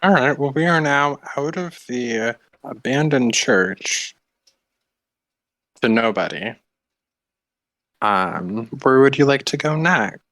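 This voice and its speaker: A man's voice: medium pitch, animated, slow pace, pauses often, a bit bright. A man narrating a tabletop game as game master, casual and hesitant.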